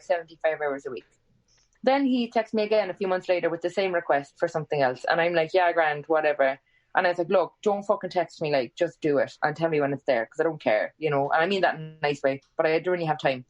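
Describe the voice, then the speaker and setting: A woman in her twenties with an Irish accent, a podcast guest telling a story in casual chat, animated and swearing freely, acting out quoted lines with big jumps in pitch. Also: lo-fi sound. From Ireland.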